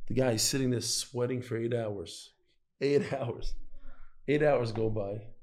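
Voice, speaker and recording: A man teaching a lively Talmud class to a live audience, quizzing his listeners and telling stories as he goes. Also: mid-range voice, unhurried. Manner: animated, storytelling, quizzes the listeners.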